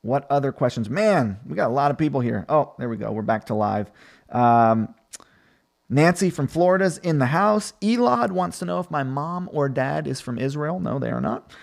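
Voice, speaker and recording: A man's voice: mid-range voice, expressive, normal speed, gravelly. A man hosting a live stream, answering viewer questions about marketing in a loose, conversational way with plenty of fillers.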